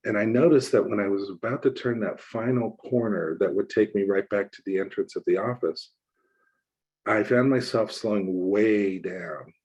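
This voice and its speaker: A male minister telling a personal story in a relaxed, conversational sermon, acting out the voices of the people he quotes. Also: lowish voice, moderate pace, husky, poor audio.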